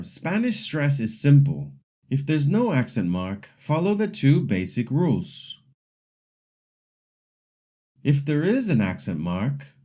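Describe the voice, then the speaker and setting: A man narrating a scripted language lesson as the teacher, explaining rules patiently and slowly modeling example words for the listener to repeat. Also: mid-range voice, mellow.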